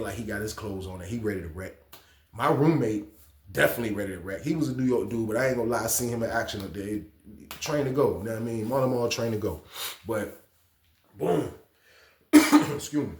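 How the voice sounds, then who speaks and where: A man casually telling a prison story to his viewers, with a lot of slang and repeated phrases. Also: on the low side. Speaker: storytime channel host. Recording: echoey room.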